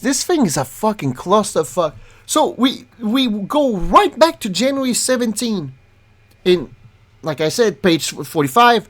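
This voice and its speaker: A woman's voice: mid-range voice, very animated, measured pace, a bit bright. A woman host ranting angrily through a reaction commentary, profane and exasperated, often stumbling and restarting her words. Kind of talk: angry reaction commentary, reading a document aloud.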